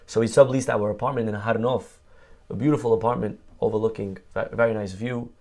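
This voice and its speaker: A middle-aged man giving a sermon as a rabbi, telling a personal story in an animated, conversational way. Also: on the low side, a little fast.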